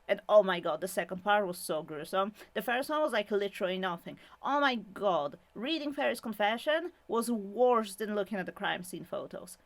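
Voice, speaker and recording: A woman's voice: medium pitch, no echo. A woman retelling a true-crime book in a loose, talkative way, piling on fillers and bursting into exclaimed asides. Her voice sits in an ordinary middle register. The recording is close and dry, with no room sound. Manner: animated, exclaiming, quick asides; many fillers and restarts, chatty. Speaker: channel host summarizing a true-crime book. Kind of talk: casual spoken summary with rants.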